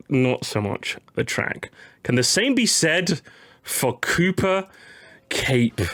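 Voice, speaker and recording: A young man chatting casually on a live stream, animated and jokey, talking to his chat. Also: on the high side. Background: faint game music.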